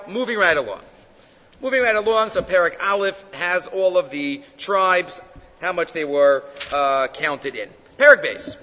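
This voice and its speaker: A man teaching the weekly Torah portion, animated and full of rhetorical questions, reading Hebrew quotes and explaining them in English. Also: fairly high pitch. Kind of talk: Torah lecture. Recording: dull lo-fi recording in a reverberant hall.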